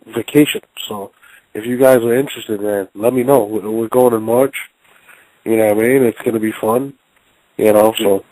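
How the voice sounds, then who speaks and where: A man hosting a call-in show in a casual, rambling flow, cursing freely and stumbling over repeated words. His voice sits at a middling pitch and sounds dry and close. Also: dark tone, no room sound, poor audio. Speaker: show host.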